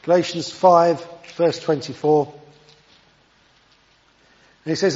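A man's voice: sits high, moderate pace. A man preaching a sermon in an earnest way, with self-deprecating asides. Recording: dull sound with long hall reverb.

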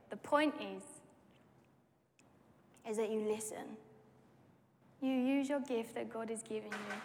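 A woman preaching a personal testimony sermon, telling the story with lively acted-out dialogue. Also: on the high side. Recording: long hall reverb.

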